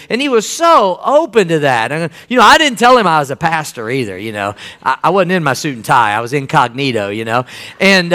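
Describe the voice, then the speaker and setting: A man's voice: high-pitched, bright, forceful tone. A man, a pastor, preaching a sermon, telling a story animatedly and acting out the dialogue.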